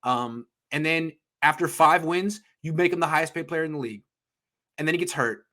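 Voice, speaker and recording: A man in his thirties hosting a sports talk show, a bit higher-pitched than most men. He rants with profane, emphatic bursts and pushes every point hard in heated sports debate. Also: fairly quick, pushed and bright. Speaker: sports podcast host.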